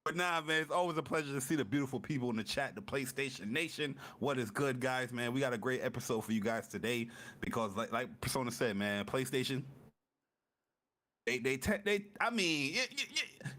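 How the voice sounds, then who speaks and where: Bright, upbeat podcast co-host. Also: male voice, mid-range voice, a little fast. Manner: upbeat, energetic, stumbles and restarts. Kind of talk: casual gaming podcast chat. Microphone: home mic over Discord call.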